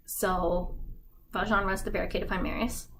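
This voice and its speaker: A woman's voice: medium pitch, level tone, brisk, fairly bright tone, slight background noise. A woman giving a chatty, irreverent, casual summary of a story as a YouTube creator.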